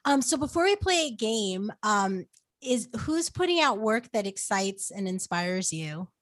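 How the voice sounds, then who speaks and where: A woman's voice: medium pitch, very animated, a little slow, a bit bright, no echo. A woman hosting an interview podcast, asking questions with plenty of fillers and complimenting her guest. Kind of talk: casual interview chat.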